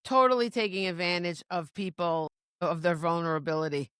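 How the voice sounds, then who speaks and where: A woman's voice: fairly low pitch, steady tone, brisk, fairly bright tone, clear, resonant tone, dry recording, clean studio sound. Chatty rambling woman co-host. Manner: rambling, restarts often, laughs easily. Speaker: podcast co-host. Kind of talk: casual chat.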